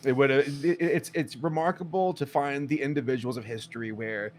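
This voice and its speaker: A man chatting casually as a podcast co-host, mid-pitched and full of animated, acted-out asides. His delivery swings between quick bursts and drawn-out pauses, with a faint hiss of background noise. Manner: animated storyteller, acts out quotes, swears. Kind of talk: casual chat.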